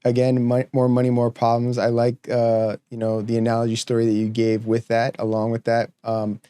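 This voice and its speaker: A man's voice: medium pitch, monotone, normal speed, warm tone, smooth, no room sound. A man hosting a podcast interview, agreeable and casual, with stumbling restarts. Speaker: podcast host.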